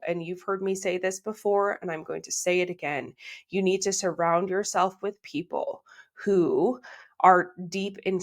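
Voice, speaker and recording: A woman hosting a solo podcast, talking to her listeners in a heartfelt, reflective way and repeating phrases for emphasis. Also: fairly low pitch. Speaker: podcast host.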